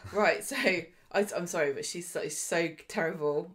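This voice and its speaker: A woman with a lowish, fairly bright voice speaks a little slowly but animatedly as a podcast co-host. She recaps soap episodes in chatty, casual conversation, slipping into character voices to mimic people as she retells the plot.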